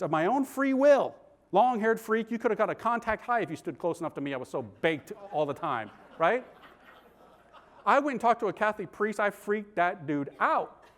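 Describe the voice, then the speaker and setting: Male priest-speaker, high-pitched, animated comic storyteller, slangy. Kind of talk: humorous conversion story told to an audience.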